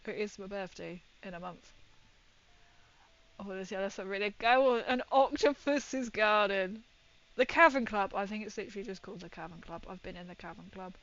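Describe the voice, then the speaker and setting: A woman's voice: medium pitch, moderate pace, fairly bright tone, lo-fi sound. A woman painting miniatures and chatting with viewers in a rambling, giggly way. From Britain. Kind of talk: casual chat while painting.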